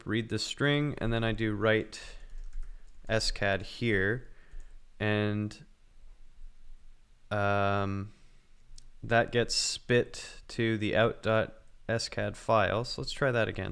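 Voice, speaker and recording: A man's voice: on the low side, clear, resonant tone. A man livestreaming his programming work, thinking aloud in casual commentary and muttering as he goes.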